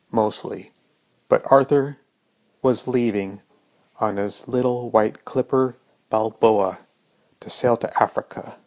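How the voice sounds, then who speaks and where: A man with a gravelly voice reading a first-person story in a slow, reflective way. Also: medium pitch, darkish tone.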